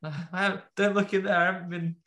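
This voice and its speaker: A man voicing a sly male chimp who fakes innocence in a high, falsely sweet voice. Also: flat delivery, moderate pace, bright, forceful tone, a little hiss or hum. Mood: mock innocent.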